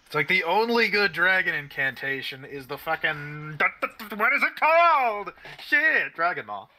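A man's voice: sits high, sing-song, a little slow, pushed and bright. A man playing a co-op video game with friends, joking around with crude banter and laughing often. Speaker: gamer playing co-op. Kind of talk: casual co-op gaming chat.

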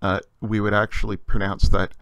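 A man gives a recorded lesson in a patient, explanatory way, often pausing on filler sounds. His voice sits low with a gravelly, creaky texture. The recording is dry and close, with no room sound. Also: flat delivery, pushed and bright, dry recording. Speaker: teacher. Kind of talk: recorded language lecture.

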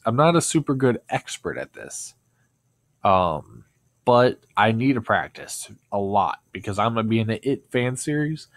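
A man's voice: lowish voice, no room sound. A man talking casually to camera in a rambling, self-deprecating way. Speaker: video creator. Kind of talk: casual vlog talk.

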